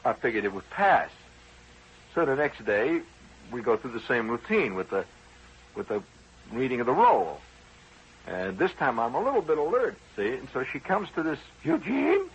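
A man's voice: mid-range voice, sing-song, moderate pace, long pauses, slightly rough, low-quality recording. A man hosting a radio show, telling a rambling personal story in a conversational, wry way with frequent asides to his listeners.

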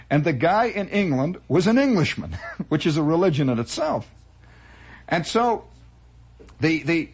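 A man's voice: sits high, breathy edge. A man telling a rambling story as a spoken monologue, with chuckling asides.

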